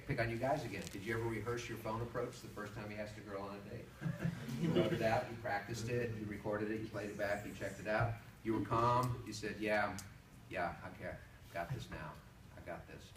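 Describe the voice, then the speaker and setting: Animated man speaking in an echoey hall. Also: mid-range voice. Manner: animated storytelling, acts out voices. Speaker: public speaker. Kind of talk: humorous motivational talk. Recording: echoey hall from far off, noisy.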